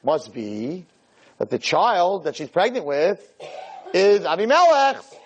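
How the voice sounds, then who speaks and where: Rabbi guy preaching to a room, kinda high voice, keeps repeating himself, pitch jumps all over. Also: big pitch swings, slow pace, husky, muffled recording. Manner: emphatic, repeats phrases, big swings in pitch. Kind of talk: Torah lecture to a live audience. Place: lecture room with listeners.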